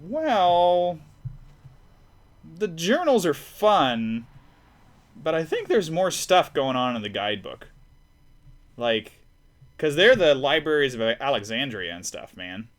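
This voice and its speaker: A man's voice: on the high side, very animated, takes it slowly, pauses often. A man hosting a live stream, chatting casually and rambling while he draws, often restarting himself. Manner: rambling, self-deprecating, many restarts. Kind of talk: casual chat while drawing.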